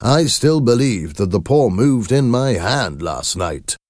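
A man voicing a worried older father in a storybook reading, gentle and hesitant in how he speaks. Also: mid-range voice, very animated, slow pace, dry recording, clean studio sound, pitched above the performer's own voice. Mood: uneasy.

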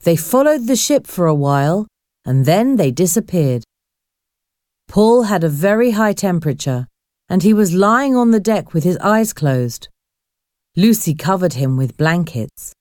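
A woman narrating a chapter of a story aloud in a clear, deliberate, expressive way. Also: fairly low pitch, no echo, studio quality. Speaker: audiobook narrator. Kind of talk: slow graded-reader narration.

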